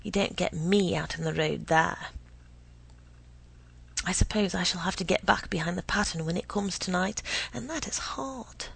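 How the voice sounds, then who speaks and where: Woman reader, gravelly, unsettled first-person storytelling with frequent whispers. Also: on the low side, normal speed, poor audio. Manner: often drops to an unvoiced whisper.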